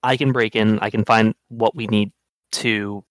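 A man playing a tabletop game, talking in a slow, deliberate, scheming way. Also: fairly low pitch, steady tone, no room sound. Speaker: player.

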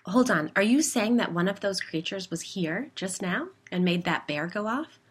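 A woman's voice: medium pitch, expressive, moderate pace, husky, voice pushed up. A woman reading a story, voicing the nervous narrator-heroine, a newcomer to the neighborhood who asks anxious, alarmed questions. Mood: uneasy.

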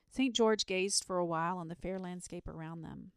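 A woman storyteller reading a classic children's tale for sleep, unhurried and gentle. Her voice sits low with a gravelly edge. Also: dry recording. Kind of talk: calm bedtime story reading.

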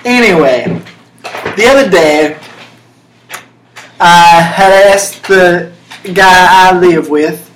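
A woman's voice: lowish voice, drawn-out words, long pauses, a little hiss or hum. A woman co-hosting a comedy podcast, chatting casually and rambling through her stories. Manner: rambling, lots of "like" fillers. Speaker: podcast co-host. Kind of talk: casual chat. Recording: roomy echoey room.

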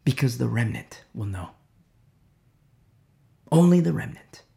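Male preacher, informal sermon, heartfelt and rambling, gravelly voice at a middle pitch. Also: expressive, a little slow, dark tone. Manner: impassioned, rambling with many fillers.

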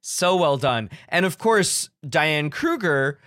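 With a voice on the high side, this man speaks slowly but animatedly while co-hosting a casual podcast chat about a movie, often rambling and restarting. His tone is fairly bright. The audio is dry and studio quality.

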